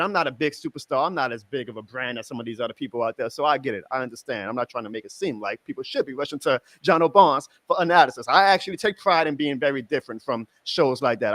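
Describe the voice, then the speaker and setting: A middle-aged man hosting a sports talk stream, ranting with sarcasm and swinging from loud outbursts to low muttering. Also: no echo. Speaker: sports show host.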